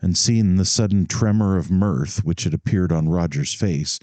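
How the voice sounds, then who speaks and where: A man narrates a classic novel in a measured, even manner. His voice is very low and mellow. The recording is close and dry, with no room sound. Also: dry recording. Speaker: audiobook narrator. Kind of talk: scripted narration.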